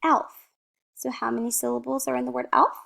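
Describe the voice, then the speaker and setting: Woman teacher, slow and patient, fairly high voice, slight gravel, stretches out practice words for small kids. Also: fairly even intonation, fairly bright tone. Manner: drawn-out word modelling, questions then answers. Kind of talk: slow, encouraging phonics lesson for young children.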